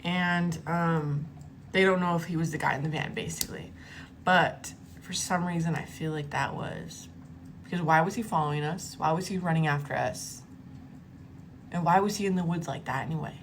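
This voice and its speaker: A woman vlogger telling a personal story in a casual, animated way, cursing freely and acting out the quotes. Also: sits low, normal speed, a little hiss or hum. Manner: animated, profane, acts out the quotes.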